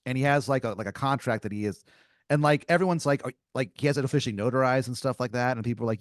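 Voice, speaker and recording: A man's voice: medium pitch, racing, no room sound, studio quality. A man hosting a comedy podcast, narrating an improvised story in a loose, rambling way.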